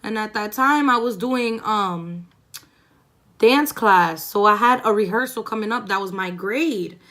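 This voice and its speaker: A woman's voice: mid-range voice, measured pace, a bit bright. A young woman vlogger who tells a story in a chatty, laid-back way while doing her makeup, swearing freely. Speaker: beauty vlogger.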